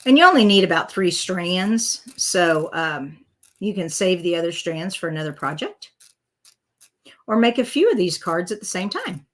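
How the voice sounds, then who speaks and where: A woman's voice: on the low side, sing-song, normal speed. A woman chatting her way through a live card-making demo, talking to herself and viewers as she works, with frequent fillers. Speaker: craft demonstrator. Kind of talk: casual live crafting demo.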